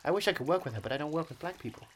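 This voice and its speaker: A man co-hosting a podcast, rambling through absurd jokes in a deadpan, casual way. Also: a little high, rapid-fire, husky. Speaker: podcast co-host. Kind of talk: casual comedic chat.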